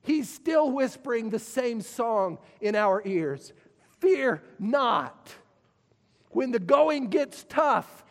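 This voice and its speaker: Male preacher, high voice, slow delivery, repeats words, moves between loud calls and hushed lines. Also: very animated. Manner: preaching with repetitions and dramatic pauses, swinging from loud to hushed. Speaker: pastor. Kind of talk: sermon. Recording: long reverb of a church hall.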